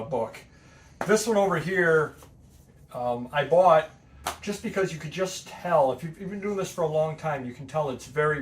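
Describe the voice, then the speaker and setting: A man's voice: fairly high pitch, distant mic. A man chatting casually to his viewers about old items he bought to resell, rambling with ums and restarts. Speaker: antiques reseller vlogger. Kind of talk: casual show-and-tell vlog.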